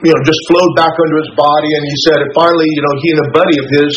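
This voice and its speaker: A man's voice: a little high, flat delivery. A man retelling a story on a radio talk show in a folksy way, quoting each person's dialogue as he goes. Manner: rapid, folksy retelling full of quoted dialogue. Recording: echoey, dull radio recording with noise.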